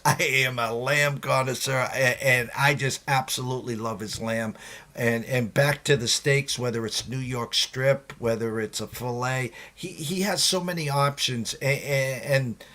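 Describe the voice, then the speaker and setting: A man's voice: mid-range voice, a little slow, pushed and bright. A man with a Boston accent hosting a sports betting show in a chatty, enthusiastic, self-deprecating way. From Massachusetts. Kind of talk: casual live show talk.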